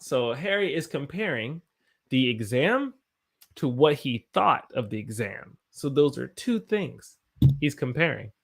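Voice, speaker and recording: American guy teaching english live, worn out after a long day, slow but bouncy voice, cheering viewers on. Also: medium pitch, very animated, vocal fry. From United States. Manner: encouraging, reads out viewer sentences and corrects them. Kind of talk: live-streamed English lesson.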